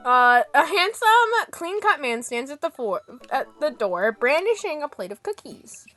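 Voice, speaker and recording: Giggly, high-voiced woman streamer. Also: normal speed, faint music behind. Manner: giggly, playful, expressive. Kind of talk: game playthrough with read-aloud narration.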